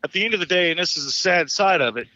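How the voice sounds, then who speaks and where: Fifties male caller, high and bright, profane, animated storyteller with restarts, muffled lo-fi line. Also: fast, no echo. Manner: profane, animated, stumbling restarts, laughs at his own story. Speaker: caller telling his divorce story. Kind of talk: casual storytelling on a live talk show.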